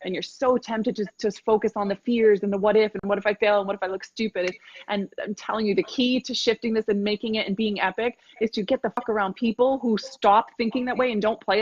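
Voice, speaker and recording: A woman's voice: mid-range voice, no room sound, dull audio. A woman business coach giving a blunt, emphatic pep talk, swearing freely, over a video call. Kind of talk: motivational interview talk.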